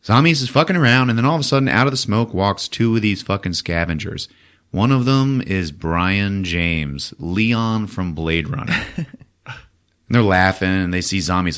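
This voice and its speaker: A man hosting a podcast, retelling a film in a casual, profane, animated way. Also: low voice, normal speed. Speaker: host. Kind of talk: casual chat.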